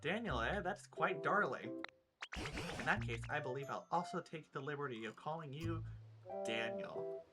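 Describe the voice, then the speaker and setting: A man's voice: on the high side, animated, normal speed, over loud music, pitched above the performer's own voice, lightly acted. A man voicing a courteous, curious Pokemon in quaint, polite phrasing. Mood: delighted. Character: genteel old-fashioned Pokemon, courteous and curious.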